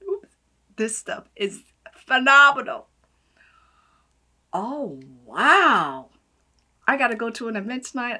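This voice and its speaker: A bright-voiced woman, gushing over each item in a casual unboxing vlog. She swings between hushed, near-whispered asides and loud, delighted exclamations, and her voice sits a little high for a woman. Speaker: beauty vlogger.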